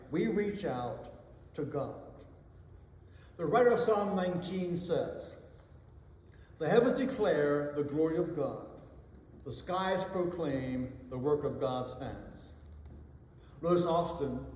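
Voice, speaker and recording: A male pastor giving a devotional, telling a story slowly and letting his voice sink soft and low at the ends of lines. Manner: slow storytelling delivery, drops soft and low at line ends. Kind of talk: devotional sermon with a told joke. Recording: echoey hall reverb.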